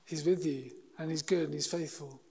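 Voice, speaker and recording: A man preaching a sermon in an earnest, halting way, often restarting his sentences. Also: a little high, fairly even intonation, a little mellow, husky, long reverb tail. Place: church hall.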